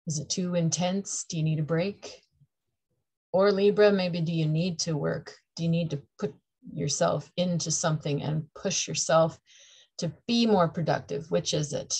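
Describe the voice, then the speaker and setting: A woman's voice: low-pitched, steady tone, moderate pace, vocal fry, a little mellow, husky. A middle-aged woman from Canada giving a chatty, playful tarot reading to camera, laughing often between her points. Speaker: tarot reader.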